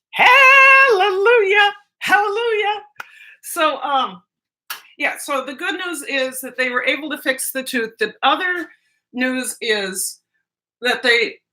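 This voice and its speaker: A woman's voice: on the high side, sharp tone. A middle-aged woman vlogger chatting casually with her live-stream viewers while cooking breakfast, rambling and barely moving her jaw as she talks. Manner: chatty and rambling, with frequent restarts.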